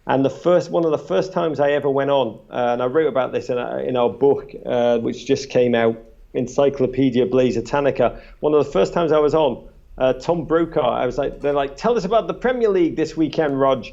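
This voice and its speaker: A man, a podcast guest and author, telling animated anecdotes at a live panel with many restarts. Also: medium pitch, a little fast, gravelly, dull audio.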